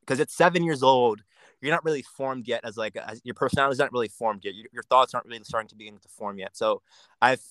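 A young man from Jamaica talks casually as a podcast guest, thinking aloud and circling back over his words. His voice sits at an ordinary middle pitch. The sound is dry and close, with no room around it. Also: fast talker, fairly bright tone, dry recording. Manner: reflective, many restarts and repeated words. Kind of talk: casual chat.

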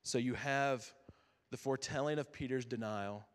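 A man preaching as a youth pastor, earnest and conversational, with dramatic pauses that drop to a near-whisper. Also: medium pitch. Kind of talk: sermon. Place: chapel. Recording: long chapel reverb.

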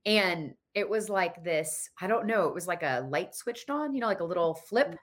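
A woman's voice: on the low side, lively intonation, normal speed. A woman in her thirties telling a personal story in casual conversation, acting out the dialogue in quoted voices.

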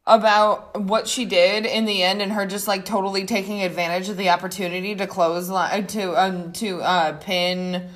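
A woman of mid pitch talking in a relaxed podcast chat. She gushes and swears freely, restarting sentences and leaning on "like." Her delivery is loose and conversational. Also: normal speed, few pauses. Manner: gushing, profane, lots of restarts and "like". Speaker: podcast guest. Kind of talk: casual chat.

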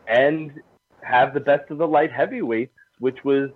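A man's voice: mid-range voice, a little slow, dry recording. Blunt guy stumbling over words, tinny phone audio. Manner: frank, stammering. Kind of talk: casual podcast chat. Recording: tinny phone-like line, dry.

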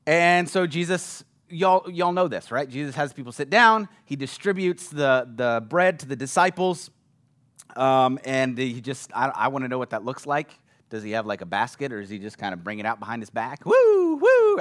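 A man's voice: medium pitch, a bit bright. A man preaching a casual, conversational sermon who often checks in with his listeners and acts out the people in the story. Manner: chatty, often checks in with "right?", acts out quotes.

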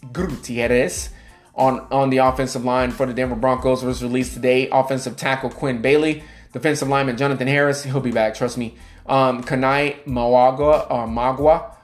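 Running down a list of players and their positions at a steady clip, a sports podcast host with a medium-pitched voice keeps things casual. Tricky names get an "um," and he slips in brief asides along the way.

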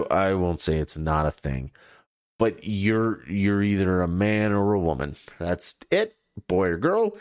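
A man's voice: lowish voice, no echo, clean studio sound. Blunt, profane man ranting on a podcast. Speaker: podcast host. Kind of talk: opinionated solo podcast rant.

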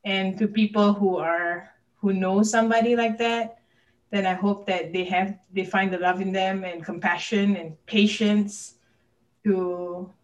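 A woman's voice: medium pitch, dull audio. Earnest woman, slightly distant mic. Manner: earnest, open about personal struggles. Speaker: podcast guest. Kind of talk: candid personal conversation.

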